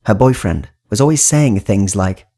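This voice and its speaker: A man reading a horror audiobook as narrator, in steady, even storytelling. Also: lowish voice, moderate pace. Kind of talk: scripted narration.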